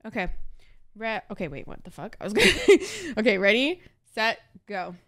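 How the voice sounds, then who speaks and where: A young woman from Egypt reacting to an anime episode, excitable and gushing and swearing freely. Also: mid-range voice, moderate pace. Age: young adult. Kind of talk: casual reaction commentary.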